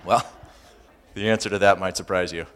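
Low-voiced guy pastor doing a sermon, jokey and animated, gets quiet and earnest. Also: brisk, clear, resonant tone. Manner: humorous and animated, swinging from loud punchlines to quiet earnest asides. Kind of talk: sermon with personal storytelling.

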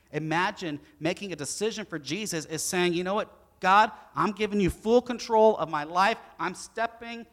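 A middle-aged man preaching a sermon, his delivery animated as it swings between loud bursts and hushed moments. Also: on the high side. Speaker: pastor.

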